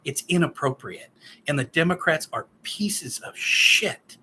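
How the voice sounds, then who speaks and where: A man's voice: on the high side, expressive, a little slow, sharp tone, slightly rough. A man in his fifties giving a solo political rant, profane, sarcastic and heated. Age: 50s. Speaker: political commentator.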